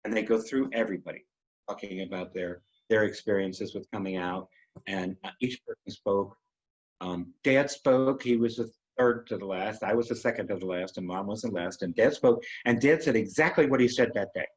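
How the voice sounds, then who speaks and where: A man hosting a web series, telling a personal story in an emotional, halting way with many pauses. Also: lowish voice, slightly rough, rough recording.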